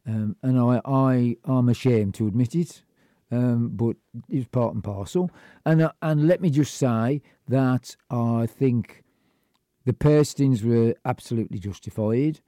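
A man's voice: medium pitch, dark tone, dry recording, clean studio sound. An older man tells a rambling, blunt and self-deprecating story about his childhood. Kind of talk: personal storytelling monologue.

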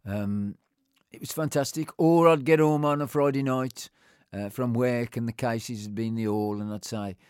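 A man's voice: medium pitch, normal speed, darkish tone, smooth, dry recording. Man reminiscing, dry close sound. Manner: rambling, heartfelt storytelling with frequent restarts. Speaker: interviewee. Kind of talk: personal reminiscence.

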